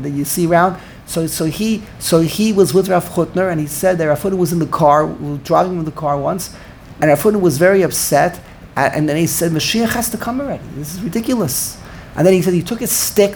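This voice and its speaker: An older man teaching an informal Torah class, animated, repeating words and searching for the right word. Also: sits high, fast, a little hiss or hum.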